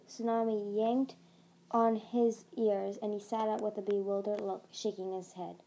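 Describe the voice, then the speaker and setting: A woman's voice: medium pitch, fairly even intonation, moderate pace, dark tone, low-quality recording. A woman hosting a podcast, reading a fantasy novel aloud steadily with small slips and restarts. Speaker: podcast reader.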